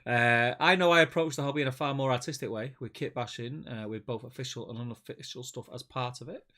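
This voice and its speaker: A man co-hosting a live stream in casual chat, reading viewer comments aloud in a relaxed, chatty way. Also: mid-range voice, fast talker. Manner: relaxed and chatty, calls his co-host mate. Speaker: stream co-host.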